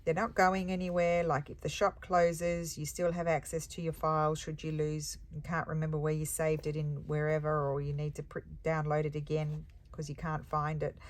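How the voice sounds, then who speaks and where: Low-voiced chatty woman crafter. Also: flat delivery, moderate pace, hardly any pauses. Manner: rambling, chatty, thinks aloud with hums and ums. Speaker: embroidery crafter and shop owner. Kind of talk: casual chat while stitching.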